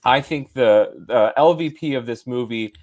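A man co-hosting a podcast in casual chat, animated with wry asides. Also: medium pitch, normal speed. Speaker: podcast co-host.

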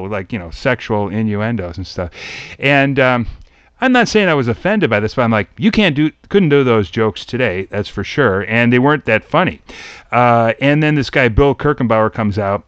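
Middle-aged male host, smooth voice, animated storyteller, dry slightly dull audio. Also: normal speed, dry recording. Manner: animated storyteller, mimics voices in a high pitch. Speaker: podcast host. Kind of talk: casual chat about old TV.

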